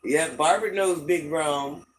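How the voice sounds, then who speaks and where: A woman's voice: deep voice, measured pace, a little hiss or hum, rough recording. An older woman hosting a casual livestream from home, chatting with viewers and greeting them with pet names. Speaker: livestream host.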